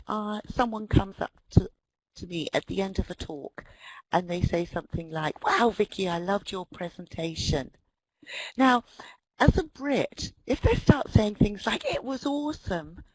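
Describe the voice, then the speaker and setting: British woman, webinar presenter, husky voice, very animated pitch, dry close sound. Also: dry recording, low-quality recording. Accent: British English. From Britain. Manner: animated, mimics quoted voices. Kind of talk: lively lecture with acted-out dialogues.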